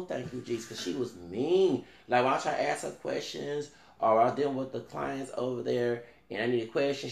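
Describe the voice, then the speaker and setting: A man, a vlogger telling a rambling, animated story in casual talk and swearing now and then. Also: medium pitch, gravelly, echoey room.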